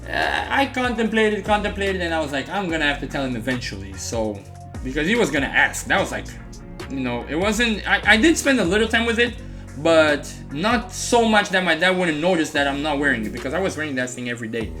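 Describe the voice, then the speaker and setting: A man's voice: fairly high pitch, brisk, over music. A man casually telling a personal story in a storytime vlog, with a lot of "like" and acted-out quotes. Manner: animated retelling, filler-heavy with many "like"s; acts out quoted voices of others.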